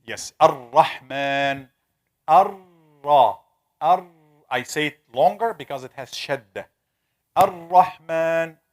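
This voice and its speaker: Man, teacher, fairly high voice, drawn-out repeated sounds, questions the class. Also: expressive. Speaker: tajweed teacher. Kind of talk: interactive classroom lesson.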